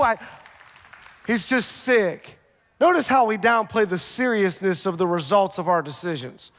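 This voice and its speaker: A man with a high, bright-edged voice preaching with energy, pressing his listeners with rhetorical questions and quick jokes. His voice rings through a large church auditorium with a long reverb tail. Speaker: pastor. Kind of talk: sermon.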